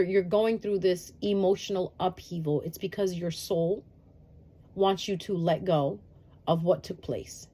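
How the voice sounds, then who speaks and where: A woman's voice: on the low side, fairly even intonation, a little slow, dark tone, slightly rough. A woman giving a casual, chatty astrology update straight to her viewers, reassuring and sprinkled with "um" fillers. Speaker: astrology reader.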